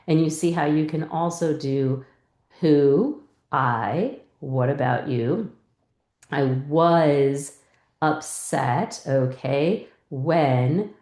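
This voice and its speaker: A woman teacher explaining a reading lesson, calmly modeling teacher and student turns step by step. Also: low voice, slow pace, roomy sound. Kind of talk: instructional lesson.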